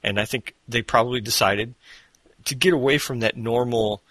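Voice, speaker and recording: A man's voice: mid-range voice, moderate pace, fairly bright tone, no echo. A man co-hosting a gaming podcast in casual chat, rambling with lots of fillers and restarts. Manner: slips into mock accents. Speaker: podcast co-host. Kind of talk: casual chat about games.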